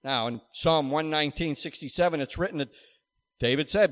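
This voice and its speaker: A middle-aged man preaching a sermon, talking to the congregation in asides and rising to loud cries. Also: on the high side, fairly quick. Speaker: pastor.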